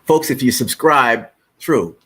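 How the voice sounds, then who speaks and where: A man's voice: mid-range voice, slow, pushed and bright, husky. A middle-aged man hosting a casual live stream, joking and talking straight to his viewers as folks. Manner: playful, joking, talks directly to viewers as folks.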